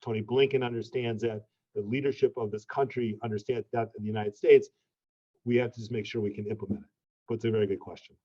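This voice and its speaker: A man's voice: lowish voice, fairly even intonation, fast, warm tone. Guy talking frank and casual on a webinar, lots of restarts, muffled audio. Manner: blunt, informal, restarts often, says "okay?". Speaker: ambassador guest. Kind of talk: candid webinar conversation.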